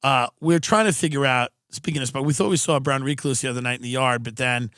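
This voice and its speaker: A man's voice: mid-range voice, quick pace, fairly bright tone, clean tone, no room sound, clean studio sound. A man with a rambling, wry delivery, hosting a podcast and telling a comic story. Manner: rambling, wry, acts out quoted voices. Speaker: podcast host. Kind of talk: comedic storytelling.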